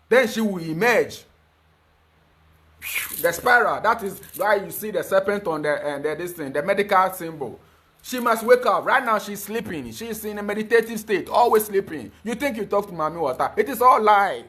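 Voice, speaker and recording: A man with a high voice delivers a fervent spiritual talk. He lectures emphatically and keeps stumbling over repeated fillers before pushing on. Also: lively intonation, normal speed, bright, forceful tone. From Ghana. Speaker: spiritual teacher.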